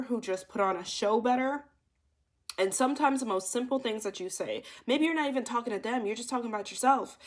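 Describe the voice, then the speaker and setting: A woman's voice: mid-range voice, a bit bright. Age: young adult. Woman, chatty intuitive card reader. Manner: chatty, emphatic, many asides to the viewer. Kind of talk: casual storytelling to viewers.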